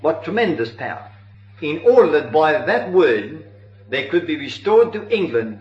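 A man's voice: on the high side, very animated, moderate pace, a little mellow. A man giving a sermon on church history, telling it earnestly with occasional hesitations, in a dull, roomy old recording. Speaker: preacher.

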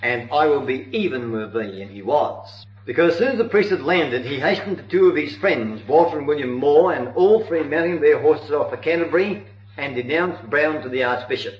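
A man's voice: on the high side, expressive, brisk. Earnest man preaching church history. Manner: earnest storytelling with occasional hesitations. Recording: dull roomy old recording.

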